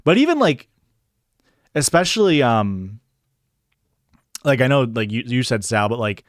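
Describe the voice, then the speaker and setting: A man's voice: mid-range voice, big pitch swings, unhurried, dry recording, studio quality. A young man from northern Illinois with a Chicago-area Midwestern accent, chatting casually on a livestream, rambling with lots of fillers and swearing. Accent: Chicago-area Midwestern American. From northern Illinois, USA. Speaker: streamer. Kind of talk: casual chat answering chat. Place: home streaming setup.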